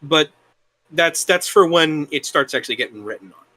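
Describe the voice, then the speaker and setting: A young man talking casually as an interview guest, rambling and halting, with the occasional curse. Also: a little high, lively intonation, sharp tone. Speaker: guest, worldbuilding creator.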